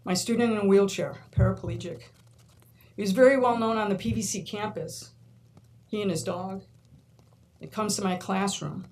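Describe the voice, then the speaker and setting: A woman's voice: mid-range voice, normal speed, pauses often, rough recording. A woman from New York, a college instructor, telling stories in a speech at a board meeting, acting out quotes and laughing often. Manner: animated storyteller, acts out quotes, laughs often. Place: large meeting room.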